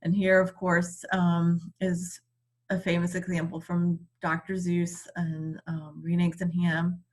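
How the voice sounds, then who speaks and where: Young woman teacher, low-ish voice, slow and patient, lots of ums. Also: completely flat delivery. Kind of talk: recorded online reading lesson.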